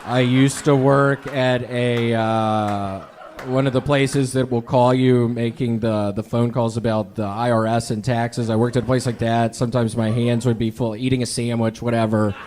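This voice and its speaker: A man doing deadpan, absurd stand-up on a comedy club stage, then bantering on a handheld mic. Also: mid-range voice, moderate pace. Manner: deadpan, absurd one-liners.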